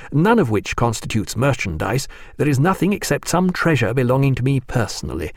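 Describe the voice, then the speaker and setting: A man voicing a courteous, formal gentleman who speaks with elaborate politeness, in an audiobook reading. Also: mid-range voice, no echo, studio quality. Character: courteous male ship's surgeon, gentleman.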